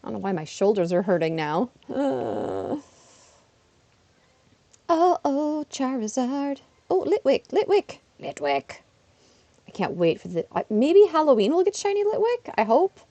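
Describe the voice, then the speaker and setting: A woman chatting casually on a livestream while playing a game, self-deprecating and bursting into excited exclamations. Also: sits high, measured pace, dry recording. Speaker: streamer. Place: her apartment.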